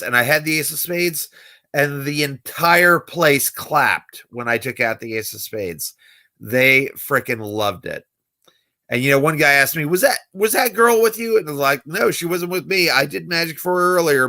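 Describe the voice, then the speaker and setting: With a pushed, bright, medium-pitched voice, a young magician in his young adult years chats casually on a late-night livestream. He tells stories and performs the voices of the people he quotes.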